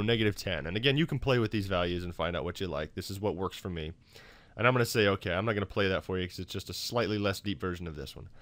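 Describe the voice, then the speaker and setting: A man talking through a casual software tutorial in a fairly low voice, recorded dry on a close mic. He rambles loosely, filling gaps with ums and restarting his sentences. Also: dry recording. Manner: loose, full of fillers and restarts. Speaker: YouTube tutorial maker.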